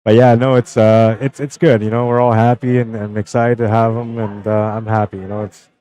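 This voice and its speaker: A man's voice: lowish voice, little pitch movement, brisk, warm tone, clean tone, rough recording. A young man casually commenting on a pool match on his live stream, chatting with viewers and greeting them by name. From Canada.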